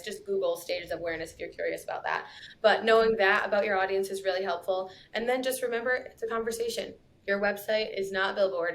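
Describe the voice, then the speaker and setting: A woman's voice: mid-range voice, slight background noise. A woman, talking casually as a podcast guest, chatty and laughing often. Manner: chatty, laughs often, lots of "you know" and "like". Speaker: copywriter guest.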